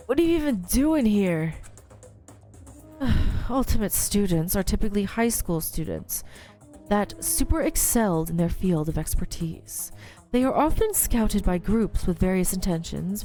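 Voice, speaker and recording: A woman's voice: medium pitch, dark tone, natural voice. A woman voicing an eager male student with a laid-back surfer twang, explaining things at length in a game playthrough. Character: cheerful know-it-all male student, surfer-ish.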